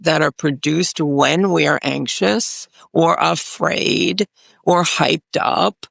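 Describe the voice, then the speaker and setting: A woman's voice: on the low side, gravelly, a bit bright, no room sound, clean studio sound. A woman clinician on a health panel, speaking emphatically and repeating phrases for stress. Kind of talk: panel discussion.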